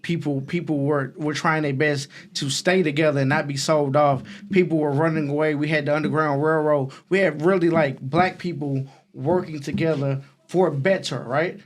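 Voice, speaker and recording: A man's voice: a little high, fairly even intonation, normal speed, hardly any pauses. A man, co-hosting a casual podcast debate. He rambles, restarts sentences and stacks repeated words as he builds his point. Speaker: podcast co-host.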